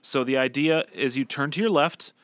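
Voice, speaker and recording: A man's voice: medium pitch, normal speed, fairly bright tone, no room sound. A man in his thirties, a podcast co-host telling a story in casual chat, with a chuckle and many fillers.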